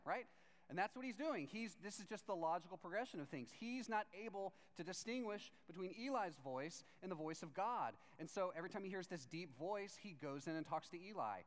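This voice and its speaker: Animated pastor preaching in a reverberant hall. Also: male voice, high-pitched, a little fast. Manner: animated, acts out voices while reading scripture. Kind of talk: sermon. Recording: long reverb of a large hall.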